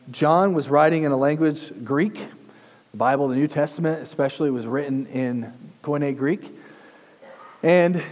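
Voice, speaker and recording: A man's voice: a little high, a little mellow. Male pastor preaching in a reverberant hall. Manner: conversational teaching with frequent restarts. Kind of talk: sermon. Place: church sanctuary.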